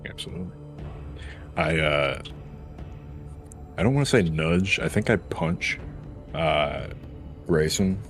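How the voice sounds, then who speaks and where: A man's voice: a bass voice, takes it slowly, pauses often. A man playing a tabletop game, blunt and swearing casually, with music behind. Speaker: player. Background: background music.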